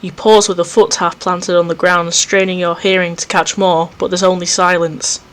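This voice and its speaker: Male let's play host, reads horror game narration aloud, easily spooked, quick self-mocking asides. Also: high-pitched, little pitch movement, a bit bright, clear, resonant tone. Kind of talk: reading a visual novel aloud with commentary. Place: home recording setup.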